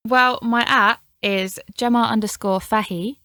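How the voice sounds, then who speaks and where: A woman's voice: fairly high pitch, fairly even intonation, unhurried, pushed and bright, dry recording, studio quality. A woman, a podcast guest chatting casually and laughing often as she tells stories. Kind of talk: casual chat.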